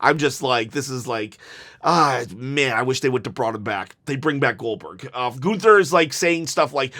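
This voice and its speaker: A man's voice: mid-range voice, a little slow, bright, forceful tone. A man reviewing a wrestling show in casual commentary, rambling and exasperated, with restarts and sighs.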